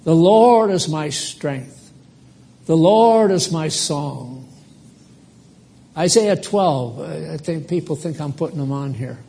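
A man's voice: fairly high pitch, animated, slow pace, vocal fry, pauses often, warm tone. An older man preaching a live sermon, emphatic and rambling, stopping to quiz his congregation.

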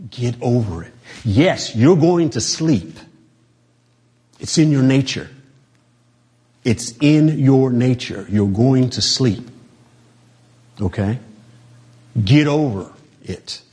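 Mellow husky man preaching to a congregation. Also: mid-range voice, slow, long pauses. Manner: conversational, acts out quoted voices, chuckles often. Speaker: lay preacher. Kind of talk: informal sermon.

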